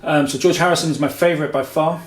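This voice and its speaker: A man's voice: on the high side, fairly even intonation, fast talker. A man hosting a guitar show, answering viewer questions in a rambling casual chat full of filler and restarts. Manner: rambling, heavy with filler "you know"s and self-corrections. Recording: roomy echo with faint music.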